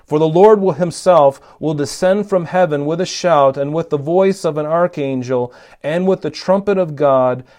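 A man delivering a sermon from scripture, earnest and emphatic, leaning harder into the key lines. His voice sits a little on the high side for a man. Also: normal speed, hardly any pauses, darkish tone. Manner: earnest, emphatic Bible teaching with rising stress on key lines. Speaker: preacher.

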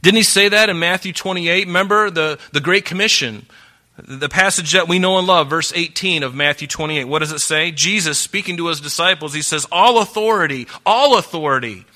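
Bright-voiced preacher man, earnest. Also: on the high side, a little fast. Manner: earnest, swings between hushed and emphatic; reads scripture aloud and tells listeners to mark their Bibles. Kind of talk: sermon.

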